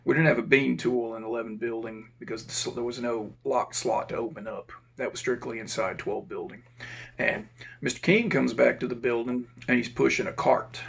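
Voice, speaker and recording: A man with a gravelly, middle-pitched voice spins a casual war story from his days as a prison officer. He talks bluntly and swears freely, keeping a laid-back, conversational pace. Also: moderate pace, fairly bright tone. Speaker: former prison officer telling war stories.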